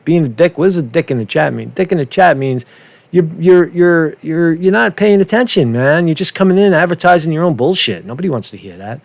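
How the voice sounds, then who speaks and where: A man's voice: on the high side, vocal fry, dry recording. A man hosting a rambling livestream, swearing often and repeating himself, ending his lines with "man". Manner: swearing, fast and animated, repeats himself, says "man" a lot. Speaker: livestream host. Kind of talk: rambling casual livestream talk. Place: street in a big city.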